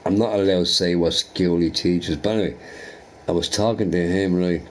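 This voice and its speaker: A man chatting casually while streaming a game, rambling and swearing through animated rants and asking "right?" often. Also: low-pitched, normal speed. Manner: profane, ranting, animated opinions with frequent "right?".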